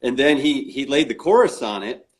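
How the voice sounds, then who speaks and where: A man's voice: mid-range voice, animated, moderate pace. Man telling a story, acting out quoted dialogue. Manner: acts out quoted dialogue in his stories; frequent restarts and fillers. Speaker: interview guest, author. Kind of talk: casual storytelling chat.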